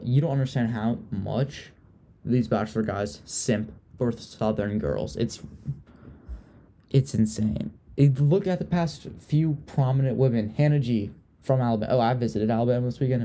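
Young guy from virginia gossiping on a podcast, dark mellow voice, keeps restarting his sentences. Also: medium pitch, a little hiss or hum. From Richmond, Virginia. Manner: chatty and gossipy, trailing off and restarting. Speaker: podcast host. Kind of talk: casual chat.

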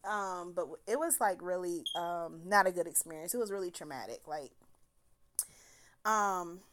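A woman casually recounting a bad date in an animated, profane way, with laughs breaking into her telling. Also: lowish voice, normal speed, a little hiss or hum. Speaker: storyteller. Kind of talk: casual storytime monologue.

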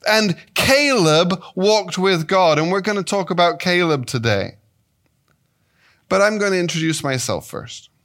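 An English man in his fifties giving a sermon as a guest Bible teacher, animated and playful, his pitch and pace shifting often. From England. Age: 50s.

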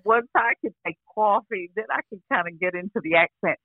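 An older actress chatting casually as an interview guest over a phone line, rambling with restarts and frequent "you know". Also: female voice, medium pitch, expressive, fast talker, no room sound. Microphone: phone call.

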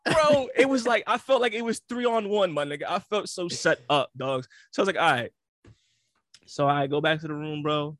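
A young man in casual chat, telling a story in a slangy, animated way and acting out the other people in it. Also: on the high side, moderate pace, dry recording. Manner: slangy, animated storytelling with frequent laughs and acted-out quotes.

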